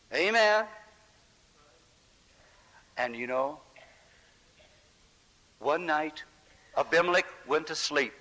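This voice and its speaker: A man preaching a sermon with impassioned, dramatic swings in pitch and loudness, acting out scripture voices. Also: animated, extremely slow, long pauses. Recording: long hall reverb.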